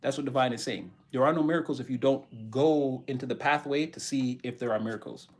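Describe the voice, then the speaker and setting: A man's voice: mid-range voice, a little fast. A man giving a channeled spiritual tarot reading who keeps repeating his key phrases for emphasis. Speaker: tarot reader.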